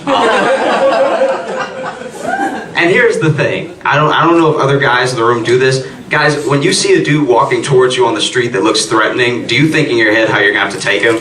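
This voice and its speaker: A young man from Louisiana doing a self-deprecating stand-up comedy set, often checking in with the crowd. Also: medium pitch. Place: comedy club stage. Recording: roomy club sound from a distant mic with loud crowd. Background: audience laughter.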